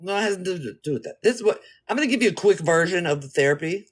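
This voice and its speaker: Blunt, husky-voiced woman telling a story. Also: fairly low pitch, rapid-fire. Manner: blunt, profane and animated. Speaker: vlogger. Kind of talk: casual storytelling monologue.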